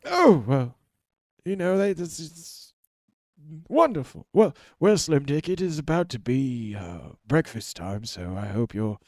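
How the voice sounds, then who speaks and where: A man's voice: mid-range voice, sing-song, measured pace, darkish tone, no echo, clean studio sound. A man voicing a rambling old male ex-soldier in prison, stammering and dithering, getting overexcited. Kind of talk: tabletop role-play voicing.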